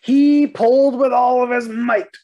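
A woman, an early childhood educator, reading a children's storybook aloud with expressive narration. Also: fairly high pitch, measured pace, highs cut off.

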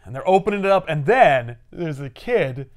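Male podcast host, slightly high voice, casual comic recap, does the characters' voices. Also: moderate pace. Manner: animated storyteller who acts out the characters' lines.

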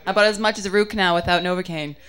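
A young woman performing a stand-up comedy set, chatty and self-mocking, with punchy delivery and quick asides. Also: fairly low pitch, fairly even intonation, a crowd in the background.

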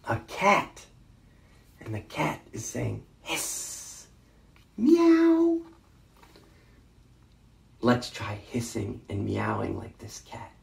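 A man, a literacy educator, reads a picture book aloud to children in an expressive, interactive way, inviting them to join in. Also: on the low side, gravelly, echoey room. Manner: slow, expressive, prompts listeners to join in with animal sounds.

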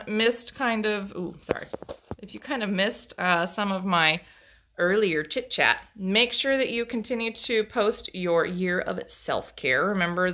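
A woman who owns a craft shop chats loosely on a live stream, filling her talk with ums and false starts. Her voice sits low, with a gravelly fry and a bright, forward edge. She sounds like she is holding the phone herself. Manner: chatty and rambling, with frequent ums and restarts. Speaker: fiber craft shop owner and teacher. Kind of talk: casual live-stream chat.

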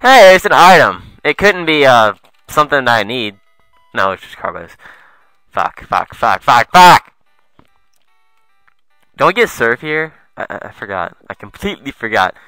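A young man doing let's play commentary, excitable and foul-mouthed, muttering asides and then yelping at the game. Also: medium pitch, moderate pace, clear, resonant tone, no echo, faint music behind, rough recording. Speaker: gamer.

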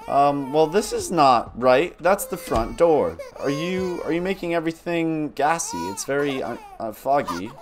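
A young man casually commentating a spooky babysitting game, joking, talking to the baby, and breaking into sudden yells. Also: on the high side, very animated, unhurried, hardly any pauses. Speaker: gaming channel host.

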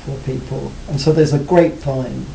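A man being interviewed about his music career, talking reflectively with many pauses and restarts. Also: fairly even intonation, creaky, warm tone, highs cut off. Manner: hesitant, many restarts and "you know". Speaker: interviewee, former band cellist. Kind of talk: reflective casual interview talk. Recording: roomy, faint rumble.

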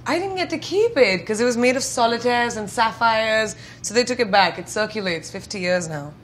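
A woman in her thirties from India, giving playful, chatty quick-fire answers in an interview at home. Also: a little high, lively intonation, slight background noise. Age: 30s. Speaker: celebrity guest. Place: indoors at home.

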